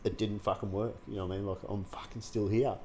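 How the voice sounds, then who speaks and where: A man's voice: fairly low pitch, steady tone, fast talker, warm tone, slight background noise. A man in a candid interview, telling his own story frankly, swearing freely and filling his talk with ums and restarts. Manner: frank and unguarded, heavy swearing, many fillers and restarts. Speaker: guest sharing his recovery story.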